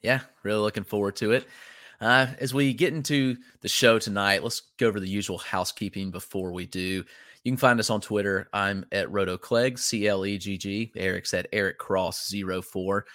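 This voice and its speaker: A man with a Southern US accent hosting a podcast, running through the show's housekeeping in a brisk, upbeat way. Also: on the low side, fairly even intonation, fairly bright tone, dry recording, clean studio sound. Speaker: podcast host. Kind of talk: casual chat.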